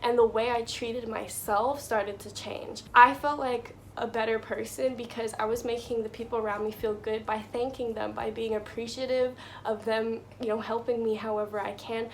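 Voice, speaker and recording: A woman's voice: a little high, fairly even intonation, normal speed, few pauses, slight background noise. A young woman giving casual life advice to her viewers, chatty and full of "like" and "you know".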